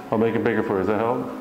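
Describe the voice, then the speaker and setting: A man's voice: lowish voice, darkish tone. A man speaking as a motivational speaker to a live audience, earnest and folksy, often asking the audience questions. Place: church hall. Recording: echoey hall from far off.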